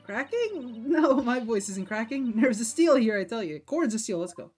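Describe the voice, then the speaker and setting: A woman's voice: lowish voice, moderate pace, dark tone, faint music behind, close to an everyday voice. A woman voicing an upbeat, confident young female defense attorney, reading game dialogue aloud with a peppy, brash manner. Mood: perky, confident. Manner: peppy and brash, brushing off nerves.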